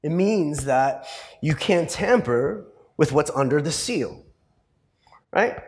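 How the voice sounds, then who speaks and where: A man's voice: fairly high pitch, expressive, slow pace. A male pastor preaching a sermon in a conversational storytelling way, full of fillers and tag questions. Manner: rises to passionate emphasis in the closing points.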